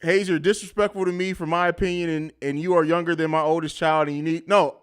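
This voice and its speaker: A man's voice: on the high side, steady tone, fast, few pauses, smooth. A man hosting a live post-game sports podcast, reading chat comments and answering them in a combative, mocking, trash-talking way. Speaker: podcast host.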